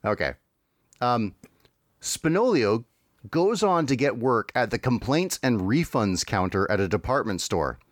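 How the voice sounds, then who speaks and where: Male podcast co-host, joking recapper, animated pitch, dry close sound. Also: a little slow, dry recording. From Canada. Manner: laughs often, recaps with dry jokes. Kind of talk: casual chat, summarizing cartoons.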